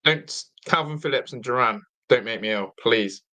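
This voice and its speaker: An Englishman hosts a live fan watch-along, chatting loosely, reading out viewer comments and grumbling at the team with some mild swearing, all while sounding half asleep. His medium-pitched voice, at a moderate pace, sounds pushed and bright.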